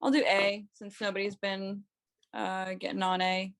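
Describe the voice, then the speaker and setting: A woman's voice: medium pitch, flat delivery, unhurried, clean tone. A woman playing a tabletop game, chatting casually with many fillers. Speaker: player.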